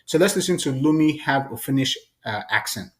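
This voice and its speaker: A man hosting a casual, chatty software tutorial. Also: medium pitch, animated, a little fast. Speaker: tutorial host.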